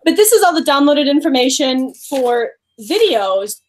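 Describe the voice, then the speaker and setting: High-voiced chatty woman on a stream. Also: big pitch swings, moderate pace, a crowd in the background. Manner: chatty, trailing off with "I don't know". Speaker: co-host of a live spiritual stream. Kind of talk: casual live-stream chat.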